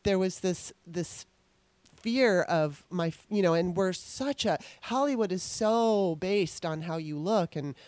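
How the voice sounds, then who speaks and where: A woman's voice: lowish voice, unhurried, darkish tone, dry recording. A woman hosting an interview, talking earnestly and at length with many restarts as she recalls her own auditions. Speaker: podcast host. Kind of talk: casual conversational interview.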